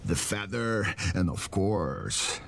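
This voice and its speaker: An actor voicing Death as a menacing male wolf in an animated film, in a deep, gravelly, drawn-out voice. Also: exaggerated voice. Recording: film clip with faint music.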